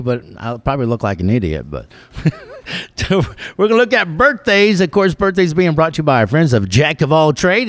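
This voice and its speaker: Casting: man, show host, rambling and laugh-prone, animated pitch, a bit higher than most men. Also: no room sound. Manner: rambling, laughs often, drawling storyteller. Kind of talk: casual radio-style show chat.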